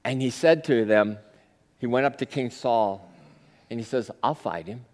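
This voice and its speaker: A man preaching a sermon in a conversational storytelling style that swells into forceful peaks. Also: mid-range voice, a little slow. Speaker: pastor. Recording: long reverb of a large hall.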